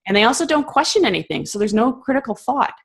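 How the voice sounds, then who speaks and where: A woman speaking as a guest in a conversational interview, talking passionately and emphatically with reflective pauses and fillers. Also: fairly high pitch, sing-song, slightly rough.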